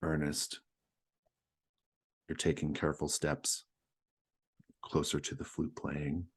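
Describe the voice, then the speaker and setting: A man narrating a tabletop horror game as game master, describing scenes in a measured way. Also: rumbling low, flat delivery, slightly rough.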